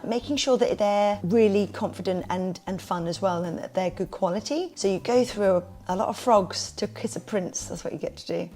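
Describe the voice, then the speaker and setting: A woman in a relaxed podcast interview, talking about her kids party business at an ordinary middle pitch. She tells her stories in a lively way and slips into the voices of the people she quotes. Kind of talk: casual interview storytelling.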